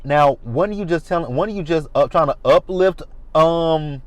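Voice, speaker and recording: A man giving a sassy, animated, swearing commentary on a reality TV episode. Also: on the high side, unhurried, no room sound. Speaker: reality TV reviewer. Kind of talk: casual commentary.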